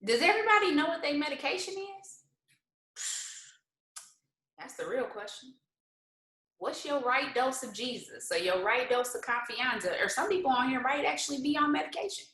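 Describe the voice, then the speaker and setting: She speaks at normal speed in a high, expressive, bright and forceful voice, leaving long pauses. The woman, a motivational host, leads a casual live-stream pep talk from home, firing rhetorical questions and combining faith-based encouragement with colloquial asides and frequent laughter. Audio is poor and reverberant.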